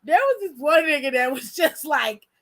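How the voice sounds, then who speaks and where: A young woman hosting, telling a story in a blunt, profane and animated way. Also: sits high, moderate pace. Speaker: host. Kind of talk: casual storytelling.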